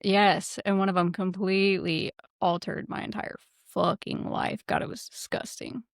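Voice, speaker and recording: A woman co-hosting a podcast, telling stories casually, profane and animated. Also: mid-range voice, moderate pace, creaky, no room sound, studio quality. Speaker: podcast co-host.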